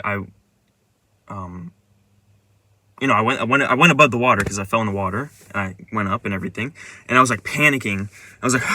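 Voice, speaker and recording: A man's voice: on the low side, pushed and bright. A man casually recounting a dream in a rambling way, with lots of restarts and filler words. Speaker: vlogger. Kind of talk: casual dream retelling monologue.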